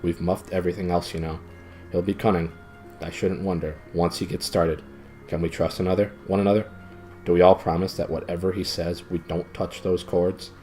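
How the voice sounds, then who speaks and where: A man's voice: flat delivery, a little fast, dark tone, faint music behind, close to an everyday voice. A man doing a gloomy, cautious marsh creature. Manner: low, grave, cautious. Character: gloomy cautious marsh-wiggle guide, adult male. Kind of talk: storybook reading.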